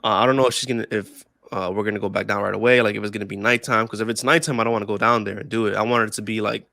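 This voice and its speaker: A man's voice: fairly low pitch, fairly even intonation, rapid-fire, creaky, pushed and bright, no room sound, studio quality. A young man casually telling a story on a podcast, laughing often, swearing freely and repeating himself. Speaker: podcast co-host.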